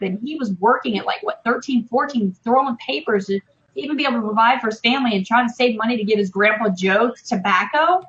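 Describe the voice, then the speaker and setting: A woman's voice: on the high side, a bit bright. Passionate, swearing woman on a muffled stream. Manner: passionate, emphatic, swears freely. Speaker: interview guest, online business marketer. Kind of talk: casual live-stream interview. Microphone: video call.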